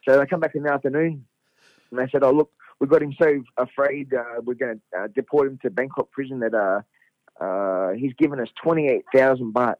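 A middle-aged Australian man, a fighter guest, telling a story in a casual, animated way, laughing and swearing freely. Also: medium pitch, brisk, dry recording. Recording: dull lo-fi radio sound.

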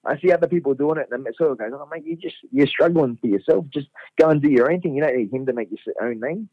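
A middle-aged Australian man, a fighter guest, telling a story in a casual, animated way, laughing and swearing freely. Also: fairly high pitch, quick pace, no echo. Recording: dull lo-fi radio sound.

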